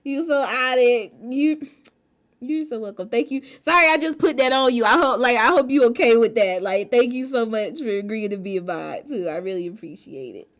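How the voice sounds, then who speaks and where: A woman streaming a game from home, chatting casually with her viewers in an animated, slangy way. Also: a little high, a little fast. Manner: animated, slangy, bursts into laughter.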